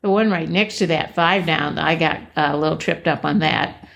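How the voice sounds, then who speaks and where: A woman with a lowish, gravelly voice co-hosting a casual crossword podcast. She speaks softly and agreeably and laughs often. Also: moderate pace. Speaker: podcast co-host.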